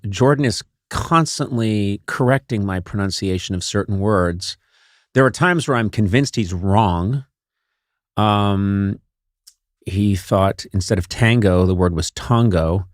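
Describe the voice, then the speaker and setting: A man's voice: lowish voice, dry recording, clean studio sound. A man hosting a talk show, teasing his guests in comedic banter with a mock-combative edge. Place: studio.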